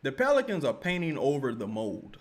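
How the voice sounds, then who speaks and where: Animated New man ranting on stream. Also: mid-range voice, moderate pace. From Louisiana. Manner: animated, profane, repeats points with "right?". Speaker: sports commentary streamer. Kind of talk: live-stream basketball commentary.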